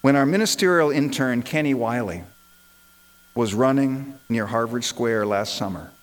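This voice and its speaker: Male minister, impassioned sermon delivery with rhetorical repetition, medium pitch. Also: moderate pace, low-quality recording.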